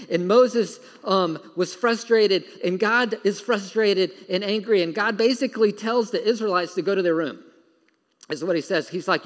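Animated preacher man in a reverberant hall. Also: high voice. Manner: animated storytelling, acting out voices, laughing. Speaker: pastor. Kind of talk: sermon.

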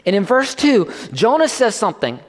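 Conversational preacher with a higher voice in a reverberant hall. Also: male voice, big pitch swings, normal speed. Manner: conversational preaching, rising in pitch for emphasis. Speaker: pastor. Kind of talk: sermon.

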